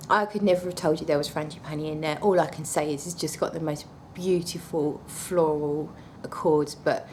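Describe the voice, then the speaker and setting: A woman's voice: sits low, fairly even intonation, normal speed, a little mellow, slight background noise. A woman reviewing perfumes in a casual vlog, chatty and gushing with blunt, apologetic asides.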